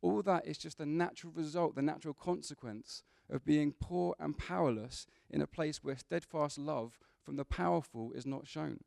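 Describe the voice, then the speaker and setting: A man's voice: on the high side, normal speed, creaky, hardly any pauses, darkish tone, dry recording, clean studio sound. A man preaching a sermon in a church, conversational, with humorous asides to the congregation.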